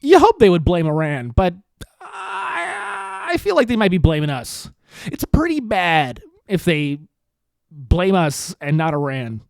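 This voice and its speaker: A man hosting a comedy podcast, his higher voice swinging widely in pitch at a normal speed with no echo. His comedic monologue is an exasperated, sarcastic rant peppered with swearing.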